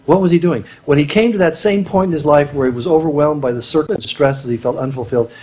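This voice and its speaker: A man's voice: a little high, fast, a little mellow, husky. A middle-aged man giving a conversational, humorous sermon at a marriage conference, acting out little quotes as he goes. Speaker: conference speaker.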